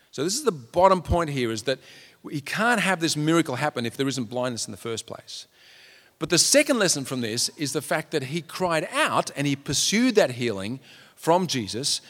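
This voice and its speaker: A man's voice: mid-range voice, fairly bright tone. Earnest preacher man in a reverberant hall. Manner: earnest, acts out quotes in raised voices. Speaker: pastor. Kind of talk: sermon.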